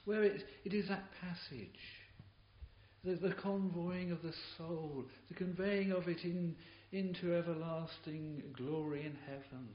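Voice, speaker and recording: A man preaching a sermon in a church, impassioned and halting, often repeating words as he builds his points. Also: on the high side. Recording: dull, hissy, roomy old tape recording.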